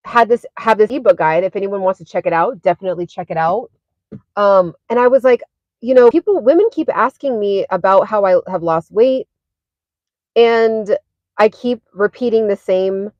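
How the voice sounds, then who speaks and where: A woman's voice: medium pitch, darkish tone, no echo, highs cut off. A woman talking casually on a livestream from her parked car, chatty with lots of fillers and laughs. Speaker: fitness and wellness creator.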